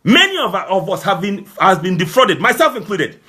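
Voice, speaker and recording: Man, fervent political broadcaster, high, husky voice, rising to shouts. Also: sing-song, normal speed. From Nigeria. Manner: fervent, repetitive, sometimes shouting. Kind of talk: impassioned political address.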